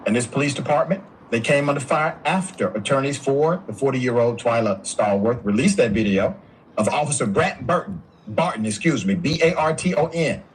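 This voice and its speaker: A man hosting a news commentary show, speaking emphatically with dramatic pauses. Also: medium pitch, slight background noise, rough recording.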